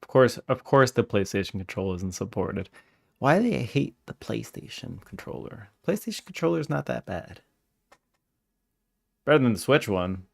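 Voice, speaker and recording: Streaming a game, this man delivers laid-back let's-play commentary, getting worked up and shouting at the characters in pretend outrage. He has a medium-pitched voice with vocal fry and keeps a moderate pace.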